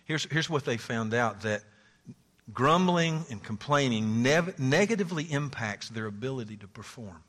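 Preacher guy giving a sermon, bright punchy voice, long echo in the room, goes loud then drops to a whisper. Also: mid-range voice, expressive, moderate pace. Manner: swings from loud exclamations to hushed asides, laughs often. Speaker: pastor. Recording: hall reverb.

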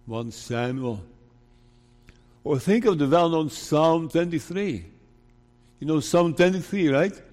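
Slow, emphatic preacher in a reverberant hall. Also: male voice, a little high, animated, darkish tone. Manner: deliberate, emphatic preaching with rhetorical questions. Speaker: pastor. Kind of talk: sermon. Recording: long reverb of a large hall.

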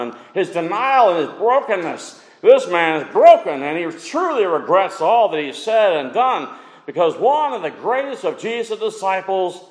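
A male preacher delivers a sermon in a fairly high voice. He acts out the quoted lines with wide swings of pitch and volume. The sound carries a long reverb, as in a large hall. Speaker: pastor.

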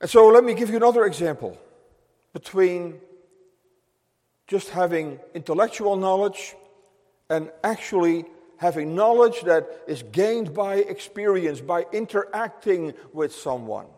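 His voice notably high and somewhat dark, a pastor preaches an animated, unhurried sermon, repeating phrases for impact. A long reverb carries his words around the church hall.

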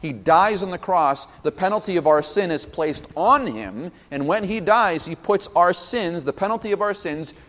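A male pastor delivering a sermon with lively, swooping intonation, climbing high on joyful lines and sinking low for solemn ones. His somewhat high voice carries a long reverb from a church hall. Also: normal speed, few pauses. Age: young adult. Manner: animated preaching, voice rising and falling with emphasis.

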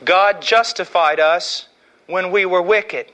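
Preaching with passion, this middle-aged man has a high-set voice. He moves back and forth between soft, drawn-out lines and bursts of shouting.

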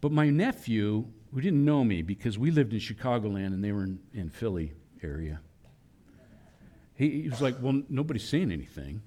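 A man preaching a sermon, animated, acting out voices in quoted lines. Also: fairly low pitch, normal speed. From Philadelphia area. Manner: animated preaching, voicing God and children in quotes. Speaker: pastor.

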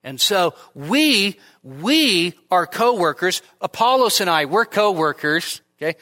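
A man's voice: sits high, very animated, takes it slowly, sharp tone. A middle-aged man preaching an expository sermon in a church, earnest and emphatic, repeating phrases for stress. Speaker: pastor.

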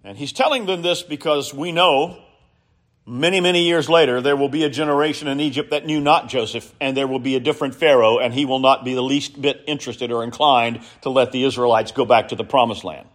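A man preaching a sermon, speaking earnestly and telling stories in a measured way with emphatic rises. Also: medium pitch, steady tone.

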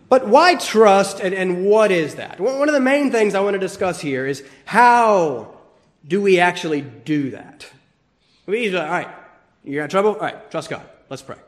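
A man preaching a sermon, swinging between loud emphasis and hushed asides, teasing the congregation now and then. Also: fairly high pitch. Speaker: pastor.

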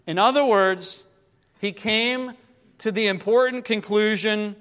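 A man preaching a sermon, rising to impassioned pleas and dropping to quiet, low emphasis. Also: takes it slowly, long pauses, smooth. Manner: rises to impassioned pleading, then drops low. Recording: long hall reverb.

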